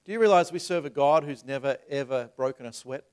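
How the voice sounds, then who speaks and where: A man's voice: mid-range voice, brisk, darkish tone, smooth. A man in his thirties preaching a sermon to a congregation, talking in a conversational way that rises into emphatic passages. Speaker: pastor. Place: church sanctuary.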